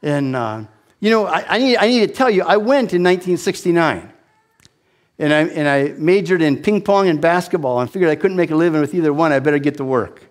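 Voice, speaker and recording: A man in his sixties telling a personal testimony as an animated, self-deprecating storyteller with frequent restarts. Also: a little high, fairly quick. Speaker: speaker giving a testimony.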